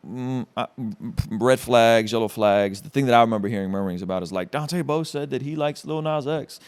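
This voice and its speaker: A man's voice: mid-range voice, a little fast, darkish tone, clean tone. A man hosting a casual interview, asking direct questions. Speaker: interview host.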